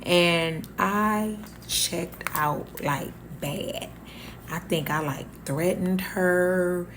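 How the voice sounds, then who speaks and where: A woman speaking, her voice gravelly and fry-tinged, tells a story in a casual, animated way. She brings the people in it to life as she talks, and a faint hiss of noise runs beneath her voice. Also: fairly low pitch, slow pace. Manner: candid, animated, acts out quoted dialogue. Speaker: storyteller vlogger.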